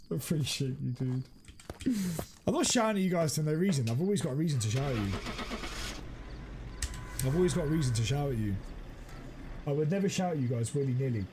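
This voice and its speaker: A man streaming a game, chatting casually and teasing his viewers, quick to exclaim. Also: a little high, background noise. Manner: excitable, teasing, exclaims often. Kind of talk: casual live-stream chat.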